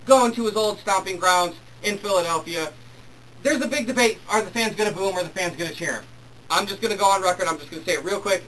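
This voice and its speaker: A young man hosting his own sports talk show, reading emails and ranting excitedly about football. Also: high-pitched, quick pace, slight background noise. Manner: excitable, worked up when ranting. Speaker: host. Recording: distant mic with faint room ambience.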